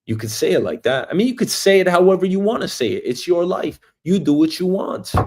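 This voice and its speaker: A man from Queens, hosting a show and telling a meandering comic story, swinging between loud bursts and quiet asides. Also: high voice, animated, fairly quick. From Queens, New York, US. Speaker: show host. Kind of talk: rambling comic monologue. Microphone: streaming mic.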